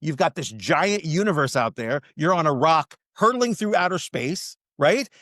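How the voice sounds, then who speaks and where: A man speaking as a podcast guest, teaching mindset in an emphatic, animated motivational way. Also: a little high, moderate pace, no room sound, studio quality. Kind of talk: casual podcast interview.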